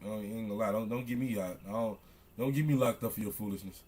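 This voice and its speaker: A young man, reacting on stream in loud, excitable, slangy commentary that keeps repeating itself. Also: fairly low pitch, fast. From Chicago. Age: young adult.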